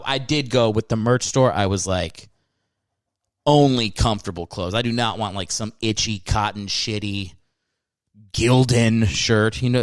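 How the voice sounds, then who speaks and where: A man's voice: medium pitch, no room sound. A man hosting a solo comedy podcast, riffing sarcastically with plenty of swearing. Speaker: podcast host.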